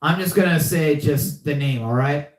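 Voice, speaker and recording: A young man hosts a live podcast, chatting casually and repeating himself a lot. His voice is a little high and moves at a moderate pace in a roomy-sounding space.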